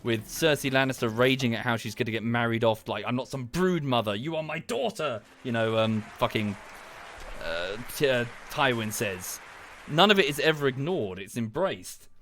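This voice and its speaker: A man's voice: medium pitch, lively intonation, normal speed, fairly bright tone. A man, streaming from home and ranting about a TV series in a casual, rambling way, swearing, trailing off and restarting his sentences. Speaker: livestreamer. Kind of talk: casual livestream rant.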